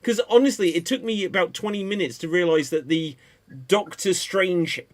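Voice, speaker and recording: A man hosting a live panel show, chatting casually about TV in an animated, rambling way that turns mocking. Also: high-pitched, normal speed. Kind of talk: casual pop-culture chat.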